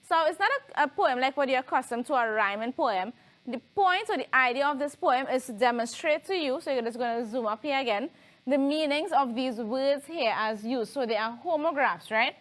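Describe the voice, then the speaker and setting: A woman's voice: high-pitched, expressive, a little fast, a bit bright. A woman teaching a televised lesson, explaining patiently and often checking in with tag questions.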